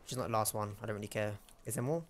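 A man's voice: lowish voice, racing, background noise. A young man giving casual, self-mocking gameplay commentary and chatting to the enemies. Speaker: gamer.

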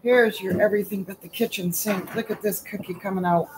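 A woman's voice: medium pitch, steady tone, brisk, very noisy. A woman hosting a chatty baking demo from her home kitchen, asking rhetorical questions and calling her viewers sweetie and honey. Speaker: home baker and host.

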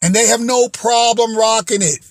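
A man's voice: extremely high pitch, normal speed, no room sound, studio quality, soft background music. A man hosting his own vlog, talking to viewers in an upbeat motivational monologue and laughing often between phrases. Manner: chatty, addresses viewers as guys and folks. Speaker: vlog host.

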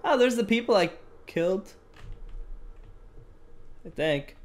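Young male let's-player, self-mocking and easily spooked, animated delivery. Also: high-pitched, slow pace, pauses often. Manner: jumpy, swearing, self-mocking, prone to startled yelps. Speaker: gaming YouTuber. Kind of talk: horror gameplay commentary.

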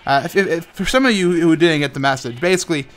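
Young male gaming host, clear smooth voice, stammers and restarts often, sounds tired, tosses in silly sound effects. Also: fairly high pitch, fast talker. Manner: rambling, frequent stammered restarts. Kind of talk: casual talk while playing Minecraft.

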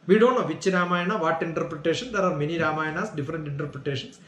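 A man's voice: a little high, quick pace, fairly bright tone, roomy sound. A man teaching as a spiritual teacher, answering questions earnestly and checking in with his listeners as he explains. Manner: earnest, explanatory, asks "Got it?" to check understanding.

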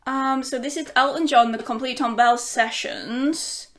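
A woman chatting excitedly at home as she unboxes a record for her vlog, gushing and talking to her dog. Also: high voice, a little slow. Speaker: vinyl collecting YouTuber.

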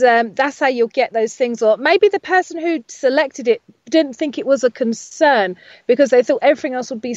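A woman voiceover artist and speaking coach, talking casually as an interview guest. Her fairly high voice rambles along, full of fillers and restarts. The sound is dry and a little dull, like a lo-fi home setup. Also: no room sound.

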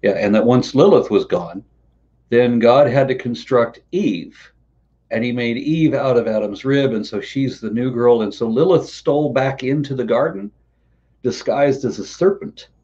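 A man's voice: mid-range voice, normal speed, dark tone, dull audio. A man hosting a casual interview, telling stories and asking questions with a rambling way of talking that stumbles over repeated words. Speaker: host.

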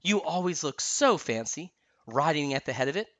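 A woman voicing a cheerful, eager young princess in a read-aloud storybook, bubbly and excited. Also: sits low, moderate pace.

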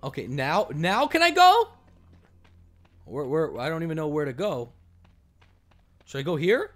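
A man doing let's play commentary, excitable, swinging between yelling and muttering. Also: a little high, normal speed, pauses often. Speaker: gameplay commentator.

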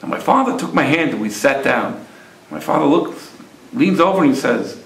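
A man in his fifties tells a personal story as a religious teaching, and his voice climbs and dips a great deal as he acts out the people in it. His voice sits fairly high for a man. The room gives it a noticeable echo. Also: sing-song, quick pace, creaky. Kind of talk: storytelling lesson.

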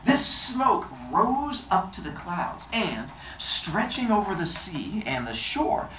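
A man's voice: high-pitched, very animated, slow pace, pushed and bright. Playful man reading a story aloud. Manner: playful asides that explain words. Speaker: storyteller host. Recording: roomy, distant mic, faint noise.

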